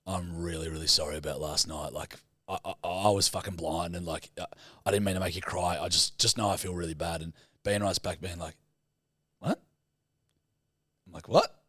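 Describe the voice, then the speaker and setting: A man's voice: sits low, steady tone, moderate pace, pushed and bright, dry recording, studio quality. A young man co-hosting a podcast, telling a story in casual chat, swearing freely and acting out what people said. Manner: swearing, laughing, acts out quotes. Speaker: podcast co-host.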